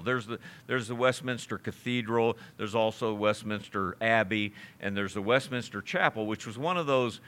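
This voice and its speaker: Male pastor, bright voice, casual preaching style with scripture readings. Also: on the low side. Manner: conversational preaching, reads scripture aloud, chuckles. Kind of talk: sermon.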